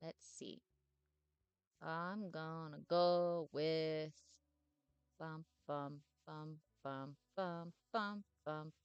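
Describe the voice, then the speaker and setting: A woman playing a game and reading its text aloud, with relaxed, playful asides. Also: low voice, drawn-out words, clean tone, no echo, muffled recording. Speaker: game streamer. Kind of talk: gameplay commentary and reading.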